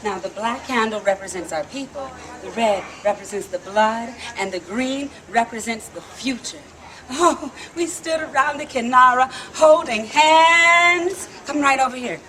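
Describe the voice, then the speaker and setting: A woman storyteller giving an animated, playful live performance at an outdoor theme park stage. She leads the audience in call-and-response and laughs often. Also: fairly high pitch, measured pace.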